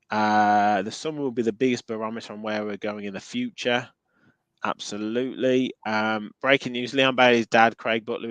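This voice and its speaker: A man's voice: on the low side, fairly bright tone, dry recording, low-quality recording. A man with a Midlands accent hosting a casual football podcast, chatting and reading out viewer comments with plenty of ums. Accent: English Midlands. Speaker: podcast host.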